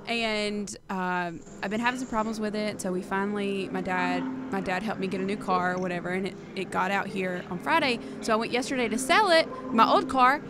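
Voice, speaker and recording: A woman in her twenties, a co-host in the studio, telling a story in a lively, self-mocking way. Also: medium pitch, brisk, hardly any pauses, noisy background. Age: 20s. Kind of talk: casual storytelling chat.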